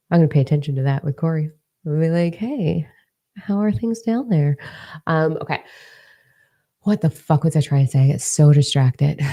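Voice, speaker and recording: A woman mentor talking casually to her followers in a livestream, blunt, profane and energetic. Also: low voice, creaky. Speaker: mentor and social media creator.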